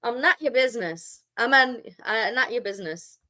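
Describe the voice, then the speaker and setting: A woman's voice: fairly high pitch, moderate pace, pushed and bright. A woman live-streaming, talking back to her chat in a sarcastic, mocking and scolding way. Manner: scolding, lecturing.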